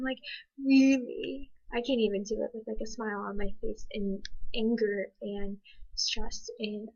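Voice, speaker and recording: Woman, fairly high voice, flat monotone delivery, dull lo-fi recording, hesitant commentary. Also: vocal fry, slightly rough. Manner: thoughtful, hesitant, many ums. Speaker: interpreting student. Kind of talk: spoken commentary on a signed video.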